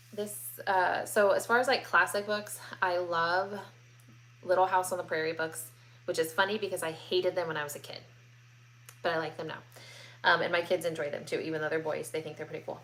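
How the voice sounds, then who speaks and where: A woman's voice: fairly low pitch, a bit bright. A woman in her thirties hosting a live question-and-answer stream from home, chatting casually with many ums and likes and reading viewer comments aloud.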